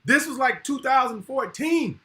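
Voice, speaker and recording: A man's voice: very high-pitched, expressive, normal speed, pushed and bright. A middle-aged man in casual podcast chat, laid-back and blunt, heavy on slang. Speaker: podcast co-host.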